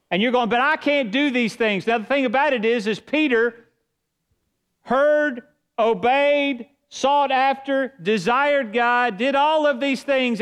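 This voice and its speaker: A man's voice: very high voice, clean tone. A man preaching a sermon as pastor, reading scripture aloud and building emphasis.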